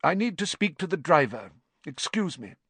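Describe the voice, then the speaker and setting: Man putting on a gentle, soothing teacher voice, pitched a bit higher than his own, lively ups and downs, dry close sound. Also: moderate pace, slightly rough, no room sound, exaggerated voice. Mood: calm. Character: young male teacher, calm and kind. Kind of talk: audiobook character voice.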